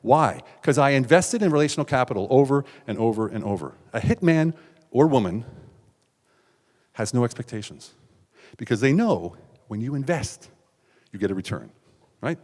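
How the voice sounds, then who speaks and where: A middle-aged man from the United States telling a raw, confessional personal story on stage, with sudden loud outbursts and hushed asides. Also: medium pitch, animated, moderate pace. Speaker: keynote speaker. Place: large hall on stage. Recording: stage talk with long hall reverb.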